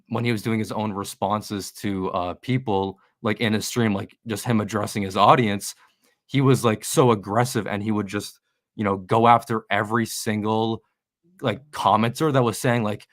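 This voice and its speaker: A man's voice: lowish voice, steady tone, moderate pace, no room sound, clean studio sound. A man on a casual podcast chat, a sneaker YouTuber guest who rambles heatedly, swears and restarts his sentences.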